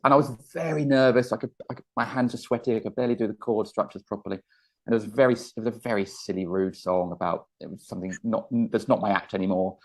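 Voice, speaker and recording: A man, a comedian guest telling stories in a casual interview, animated and laughing often. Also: fairly low pitch, fast. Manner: animated storyteller, laughs often, acts out quotes.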